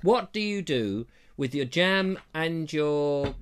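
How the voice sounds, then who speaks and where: A man's voice: a little high, expressive, takes it slowly, fairly bright tone, clean tone. A man hosting a casual live show, joking and reading viewer comments aloud on a lapel mic. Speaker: host. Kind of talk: casual live-stream chat.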